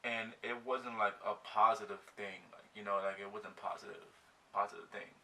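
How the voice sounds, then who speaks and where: A young man telling a breakup storytime while getting ready, animated and slangy, acting out his own reactions. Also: on the low side, normal speed, far from the mic, a little hiss or hum. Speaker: vlogger.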